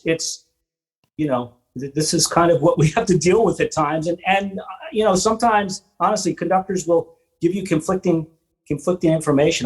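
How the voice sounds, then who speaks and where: A man hosting a podcast, telling rambling stories from his work as a theater drummer and quoting other people with animated voices. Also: on the high side, rough recording. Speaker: podcast host and Broadway drummer. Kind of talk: casual interview chat.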